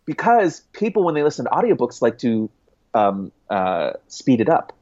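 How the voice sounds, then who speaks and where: A man, a guest author, chatting casually in an interview, rambling with restarts and quick laughs. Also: medium pitch, very animated, a little mellow. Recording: dull lo-fi sound.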